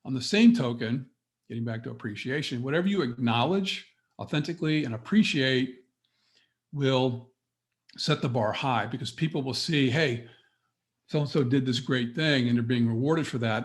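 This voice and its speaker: A middle-aged man coaching business owners on a webinar, talking straight to his audience in an energetic, motivational way. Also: mid-range voice. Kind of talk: webinar presentation.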